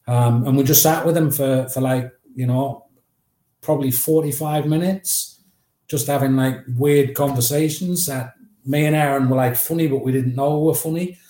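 A man in his fifties with a Northeast English accent, telling lively anecdotes as an interview guest and acting out the quotes. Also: mid-range voice, normal speed, echoey room. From Northeast England. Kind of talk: storytelling in an interview.

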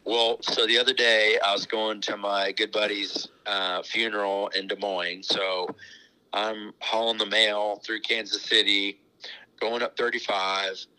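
A man's voice: fairly low pitch, little pitch movement, unhurried, pushed and bright, smooth, poor audio. A middle-aged man, a racetrack owner, telling rambling, chuckling stories in a casual interview. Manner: rambling, chuckling anecdotes with many restarts.

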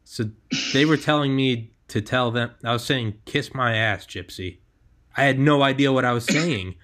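A man's voice: medium pitch, normal speed, fairly bright tone. A young American man hosting a podcast, talking casually and laughing often, with plenty of swearing. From United States. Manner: laid-back, swears freely, laughs often. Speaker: podcast host.

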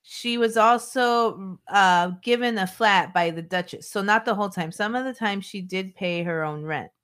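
A woman's voice: mid-range voice, moderate pace, a bit bright, clean tone. A woman co-hosting a true-crime podcast, reading her notes with chatty asides. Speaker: podcast co-host narrating a case.

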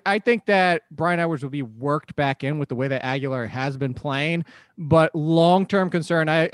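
A man's voice: on the high side, no room sound, clean studio sound. A man co-hosting a podcast, chatting about fantasy football in an analytical way and laughing often. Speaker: podcast co-host.

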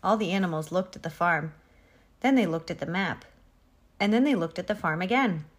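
A woman reading a children's picture book aloud in an expressive, animated way. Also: lowish voice, fairly quick. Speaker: reader.

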